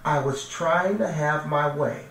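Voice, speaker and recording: A man's voice: on the high side, a little slow, a bit bright. A man, a minister, giving a heartfelt personal testimony, earnest and emotional, often repeating himself as he searches for words. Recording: echoey room, distant mic, faint noise.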